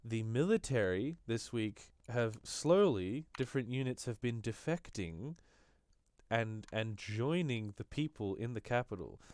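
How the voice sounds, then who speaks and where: A man hosting a casual political podcast, rambling and halting with frequent fillers. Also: mid-range voice, expressive, a little mellow, no room sound. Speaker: podcast host. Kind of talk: casual leftist podcast chat.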